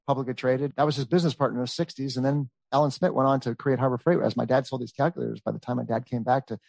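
A man in his thirties telling a long family story in casual chat, rambling and animated, with many fillers. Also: medium pitch, rapid-fire, gravelly, dry recording. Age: 30s. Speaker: storyteller guest.

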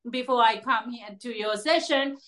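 Earnest woman therapist, English as a second language, slightly high voice, halting delivery. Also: fairly bright tone. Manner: earnest, halting speech with fillers and restarts. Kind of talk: conversational interview.

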